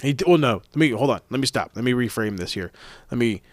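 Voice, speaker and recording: A man's voice: mid-range voice, expressive, quick pace, no echo. A man hosting a podcast, recapping matches in a casual, profane, rambling way that often corrects itself. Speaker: podcast host reviewing wrestling events. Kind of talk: casual chat.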